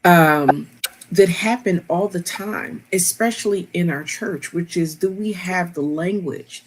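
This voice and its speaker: A woman's voice: fairly low pitch, unhurried, slight background noise. A woman who is a guest counselor in an interview, making thoughtful points about support in church. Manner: affirming with frequent mm-hmms, then thoughtful questions. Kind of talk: conversational interview.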